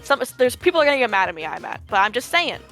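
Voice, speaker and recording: A woman's voice: on the high side, sing-song, fast, fairly bright tone, faint music behind. A young woman commentating a live esports tournament, joking in playful mock outrage and wandering off on tangents.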